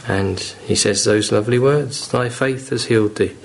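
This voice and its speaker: A man's voice: lowish voice, moderate pace, gravelly, slight background noise. A man preaching a sermon, earnest and pleading, building to fervent emphasis. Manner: earnest, pleading, rising with fervour.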